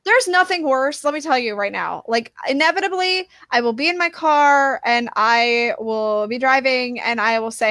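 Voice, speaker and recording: A woman co-hosting a podcast, telling stories in casual chat, animated and quick to laugh. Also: on the high side, no echo. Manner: animated storyteller, laughs easily. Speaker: podcast co-host.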